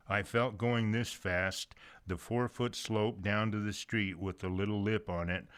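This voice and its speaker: A man's voice: sits low, fairly bright tone, smooth. An older man narrating his own first-person short story in a folksy, conversational way with casual asides.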